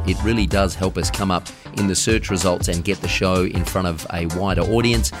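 Australian male podcast host, friendly and upbeat, lowish voice, soft music bed. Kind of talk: podcast interview.

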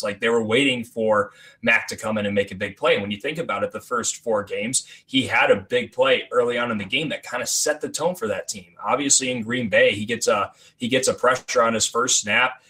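A man's voice: lowish voice, normal speed, few pauses, pushed and bright. A man co-hosting a sports podcast, building his point carefully with examples. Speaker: podcast co-host.

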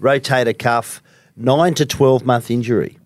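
A man's voice: mid-range voice, steady tone, unhurried. An Australian man, a sports journalist co-hosting a podcast, talking in a laid-back casual chat.

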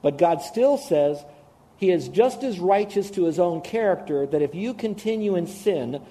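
A man preaching a sermon as pastor, animated, shifting between loud emphasis and hushed, tender asides. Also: sits high.

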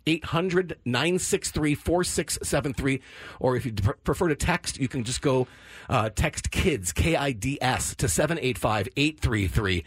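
A man's voice: medium pitch, animated, unhurried, slightly rough, dry recording. A tired man making an earnest, emotional charity appeal, stammering a little as he talks. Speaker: charity radiothon guest. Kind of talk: call-in appeal.

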